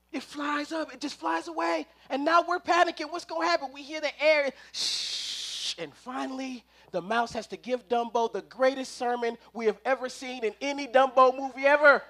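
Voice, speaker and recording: A man giving a storytelling sermon at a live service. His voice sits very high, and he acts out scenes, swinging from loud bursts to near-whispers. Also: moderate pace. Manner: animated, acting out scenes, swings from loud to hushed. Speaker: preacher at a spiritual center.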